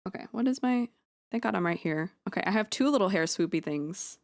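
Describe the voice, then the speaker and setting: A woman's voice: medium pitch, animated, brisk. Chatty, rambling woman streamer. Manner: rambling, self-deprecating, swears freely, jokey asides. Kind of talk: casual live-stream chat while drawing. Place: home streaming room. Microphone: close streaming mic.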